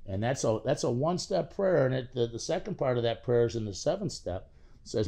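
A man's voice: medium pitch, big pitch swings, a little fast, creaky, mellow, muffled recording. A man giving a personal recovery testimony, telling it conversationally with many fillers and restarts, and acting out past conversations. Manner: earnest, acts out past dialogue. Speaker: testimony speaker.

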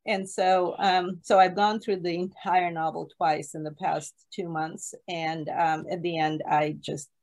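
A woman's voice: on the low side, flat delivery, a little slow, few pauses, a little mellow. Enthusiastic woman leading a book talk. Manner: enthusiastic, rambling, laughs often. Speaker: literature course leader. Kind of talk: solo online book talk.

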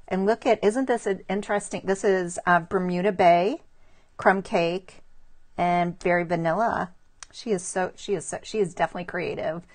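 A middle-aged woman talks through a pile of handmade cards on a casual live stream. She sounds admiring and chatty, and she greets viewers by name as she goes. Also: mid-range voice. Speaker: stamping demonstrator showing cards to live viewers. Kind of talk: casual live craft show-and-tell.

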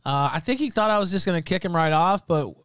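A man hosting a livestream call-in show, confrontational and shouting insults at callers. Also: sits high, expressive, quick pace, clean tone, dry recording. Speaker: livestream host.

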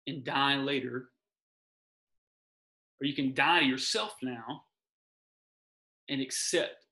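A man's voice: mid-range voice, bright, forceful tone, rough recording. A man speaking as a guest in an earnest, encouraging faith talk, often repeating his key phrases.

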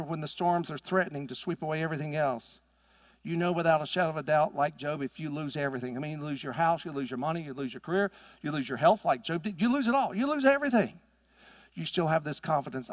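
A middle-aged man preaching a sermon as pastor, swinging from loud emphatic peaks to quiet asides. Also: fairly high pitch, fast talker, no echo, clean studio sound. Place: church sanctuary.

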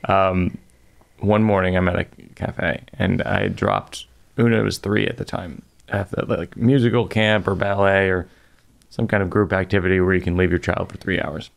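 A man's voice: deep voice, steady tone, normal speed, gravelly. A middle-aged man, a comedian hosting a podcast, telling a funny story in a dry, self-mocking way with playful asides. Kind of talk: comic storytelling in conversation.

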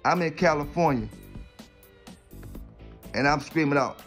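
A man from South Carolina talks loosely into his own vlog, preaching and rambling in streetwise slang. His voice sits a little high for a man. Faint music plays underneath. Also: a little slow, fairly bright tone. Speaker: dog kennel owner. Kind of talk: casual monologue vlog.

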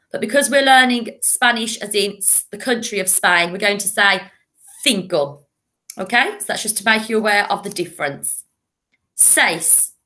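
A woman teaching a remote lesson to young children, drilling words patiently with clear call-and-repeat. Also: on the high side, pushed and bright. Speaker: primary school teacher.

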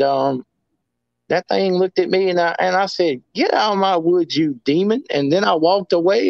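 Male guest, rambling storyteller, slightly high voice, lo-fi dry audio. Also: dry recording. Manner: rambling, many restarts and "I mean". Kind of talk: casual storytelling.

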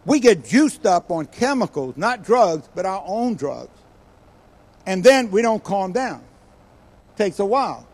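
An older man preaching a sermon as a guest speaker, telling stories with animated bursts and quiet asides. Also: sits high, measured pace, breathy edge. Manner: animated storytelling, acts out quoted voices with sudden loud bursts and quiet asides.

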